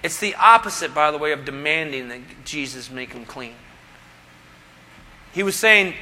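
A man's voice: fairly high pitch, expressive, moderate pace, pauses often, pushed and bright. A man preaching a sermon as pastor, asking rhetorical questions and dropping humorous asides. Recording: long hall reverb.

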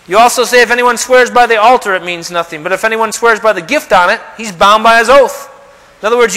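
A man's voice: high voice, bright, forceful tone, big-room sound, low-quality recording. A man preaching a sermon, asking rhetorical questions and acting out the quotes he reads. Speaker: pastor.

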